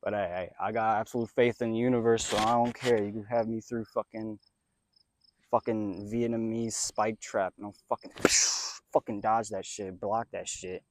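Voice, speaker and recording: A young man in a casual, rambling spiritual monologue outdoors, swearing freely and swinging between loud bursts and mumbled asides. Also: lowish voice, normal speed, slight background noise. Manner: profane, excitable, drifts between loud rants and mumbles. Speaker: spiritual vlogger.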